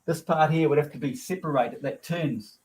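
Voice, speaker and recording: An excitable man, speaking in a somewhat raised register. He explains his model in a loose, conversational panel-talk way, often breaking off and restarting his sentences. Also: a little high, normal speed, slightly rough. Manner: excitable, trailing off mid-sentence. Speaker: guest presenter. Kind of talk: casual panel discussion.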